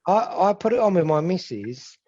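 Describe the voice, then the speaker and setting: Man, casual podcast chat, rambling, husky voice, slightly dull lo-fi sound. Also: high voice, big pitch swings, moderate pace, a little mellow. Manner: rambling, repeats himself, swears casually. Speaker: podcast co-host.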